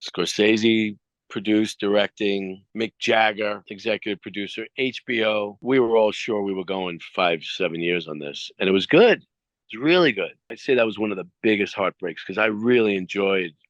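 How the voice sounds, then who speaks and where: Man telling showbiz stories, low voice. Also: normal speed, no echo. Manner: animated anecdotes with acted-out quotes. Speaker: actor interviewee. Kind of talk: casual interview storytelling. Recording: dry, slightly dull sound.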